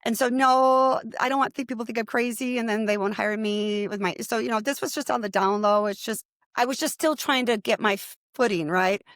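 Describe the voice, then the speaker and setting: A woman's voice: fairly high pitch, brisk, dry recording, clean studio sound. A middle-aged woman, a medium, telling stories as an interview guest and acting out the voices of the people she quotes. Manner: animated, acts out quoted voices in her stories. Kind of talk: conversational storytelling.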